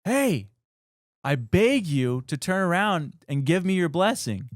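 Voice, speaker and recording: A man's voice: sits high, moderate pace, fairly bright tone, smooth, dry recording, studio quality, voice pushed up. A man voicing a pilgrim priest who calls out and pleads across the desert. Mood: pleading. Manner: calling out, pleading.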